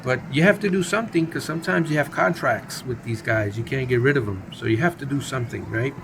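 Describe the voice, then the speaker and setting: Gravelly man calling a simulated ballgame. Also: medium pitch, fast talker, background noise. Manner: playful, jokey, chatty commentary. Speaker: gaming channel host. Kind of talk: casual play-by-play of a baseball simulation game.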